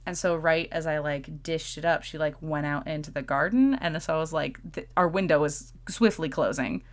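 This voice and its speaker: A woman's voice: sits low, moderate pace. A woman co-hosting a podcast, chatting playfully and laughing often. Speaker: podcast co-host. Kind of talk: casual chat.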